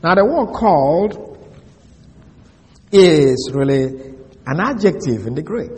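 Male preacher, mid-high voice, methodical expository teaching, big hall reverb. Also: animated, a little mellow. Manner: deliberate, repeats key words, spells them out. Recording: long reverb of a large hall.

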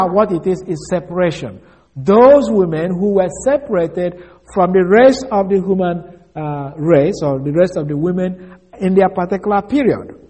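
A man preaching an expository Bible lesson, measured and deliberate, spelling out words and repeating key phrases for emphasis. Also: sits high, mellow, husky.

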